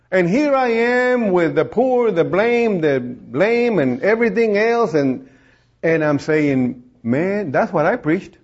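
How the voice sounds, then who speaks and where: A man with a high voice preaches from the pulpit, telling his story in a lively way and playing out the voices of the people in it. The recording is dull and lo-fi. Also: measured pace. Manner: storytelling, acts out quoted voices, laughs often. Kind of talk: sermon testimony.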